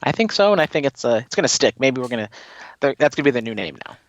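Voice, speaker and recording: A man's voice: mid-range voice, big pitch swings, fast, no echo, highs cut off. A man co-hosting a casual wrestling podcast, talking in long, opinionated runs full of "you know". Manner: rambling, opinionated, many you-knows. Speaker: podcast co-host.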